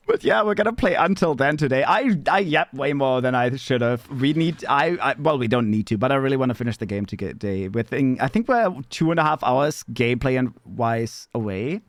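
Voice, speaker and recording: A man chatting casually on a live stream, rambling and swearing, with sudden squeaky high bits. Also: animated, moderate pace, dry recording.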